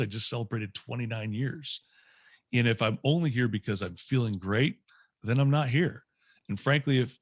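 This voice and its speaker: Man, late forties, self-mocking anecdote, mid pitch, dry sound. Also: no echo. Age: 40s. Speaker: guest speaker. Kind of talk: storytelling talk to a group.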